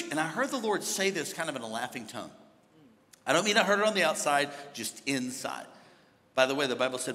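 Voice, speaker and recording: Pastor, man, sermon delivery; bright, forceful tone, rising to shouts, church reverb. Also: on the high side, big pitch swings, brisk. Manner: storytelling, builds to shouting. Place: large church hall. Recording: hall reverb from a big church.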